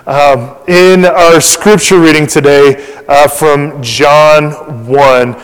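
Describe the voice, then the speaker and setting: A middle-aged man preaching a sermon as pastor, chatty and conversational, full of fillers and restarts, acting out quotes with animation. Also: a little high. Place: church sanctuary. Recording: long reverb of a church hall.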